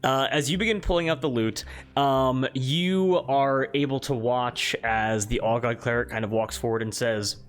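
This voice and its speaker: A man's voice: mid-range voice, moderate pace, clean tone. A man narrating a tabletop game as game master, in a casual manner with frequent ums. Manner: casual, filler-heavy narration. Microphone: own microphone. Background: soft background music.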